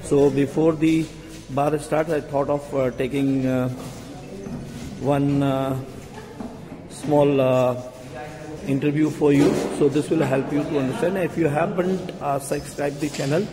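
A man with an Indian English accent giving a casual vlog tour of a bar, talking slowly with many fillers and pauses. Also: a little high, fairly even intonation, music in the background. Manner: hesitant, many fillers, slow. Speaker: hospitality vlogger. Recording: long reverb in a hall.

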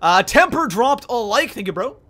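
Excitable, high-voiced male game streamer. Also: normal speed. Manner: excitable, thanks viewers by name between frantic gameplay reactions. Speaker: livestreamer. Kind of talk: live gameplay commentary.

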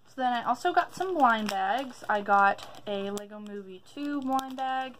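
Young woman, casual haul vlogger, upbeat and slightly breathless, somewhat high voice, faint noise under the recording. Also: animated, measured pace, a bit bright, rough recording. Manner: chatty, upbeat, addressing viewers directly. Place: at home.

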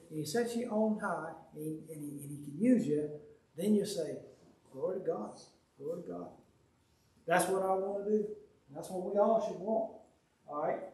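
High-voiced man teaching in echoey church. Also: a little mellow. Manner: folksy, conversational, reads scripture aloud and quotes hymns. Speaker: bible study teacher. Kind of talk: Sunday evening Bible study teaching. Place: church room. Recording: very echoey room, speaker far from mic.

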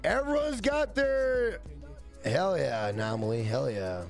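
A man's voice: fairly high pitch, expressive, unhurried, creaky, faint music behind. A man chatting casually on a game live stream, rambling and swearing. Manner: profane, rambling banter.

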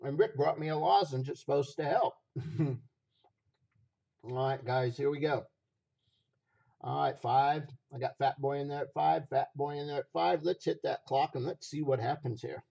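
A hoarse man running a live stream auction, repeating phrases as he hypes each item from a basement room. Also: fairly high pitch, normal speed, pauses often, mellow, muffled recording.

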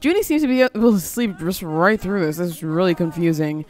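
A woman's voice: on the low side, a little fast, darkish tone. A woman giving casual let's-play commentary, chatty and easily surprised, coaxing her game character along. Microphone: headphones on, desk mic.

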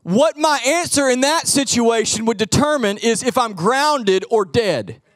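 A middle-aged man preaching a sermon as pastor, telling animated stories and acting out the voices in them. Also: very high-pitched, unhurried, no room sound, clean studio sound. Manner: animated storytelling, acts out quoted voices.

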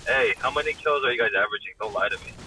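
A young man streaming from his car, teasing his friends in profane banter while his voice is going hoarse. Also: mid-range voice, racing, sharp tone, a little hiss or hum, poor audio. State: losing his voice. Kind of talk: casual chat with friends.

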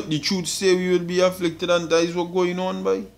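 A man's voice: high-pitched, level tone, moderate pace, vocal fry. A man preaching scripture emphatically, tagging nearly every phrase with "boy" and swearing as he presses his point. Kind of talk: street-style scripture teaching.

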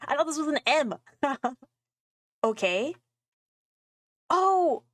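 A young gaming streamer reads a game's texts aloud and reacts with casual let's play commentary, laughing and swearing. She speaks in a high-pitched, sing-song voice at a slow pace, on a dry recording.

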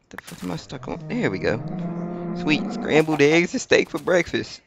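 A young man with a cracking voice giving casual, excitable let's-play commentary, talking back to animals and swearing often. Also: fairly high pitch, normal speed, vocal fry, crowd noise. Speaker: gameplay commentator. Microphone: laptop.

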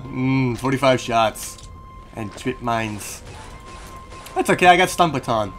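A young let's play host gives casual, joking gameplay commentary at home, swearing now and then and talking to his cat at his desk microphone. His mid-range voice has lively intonation, but he goes slowly with long pauses over soft background music.

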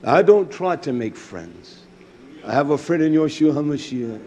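A middle-aged man preaching a fiery, blunt sermon, who jumps from shouted lines to low mutters. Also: expressive, moderate pace.

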